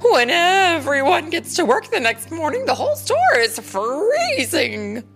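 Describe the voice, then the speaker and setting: A woman's voice: very animated, takes it slowly, soft background music, heavily acted. A woman doing a jittery store manager. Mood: nervous. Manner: jittery, stammering, high and strained. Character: nervous female grocery store manager.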